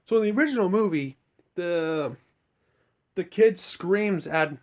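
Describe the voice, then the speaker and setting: Hushed, rambling young man, slightly high voice. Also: a little slow. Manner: rambling, hushed to keep from waking others. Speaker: reviewer. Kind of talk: casual retelling of a story.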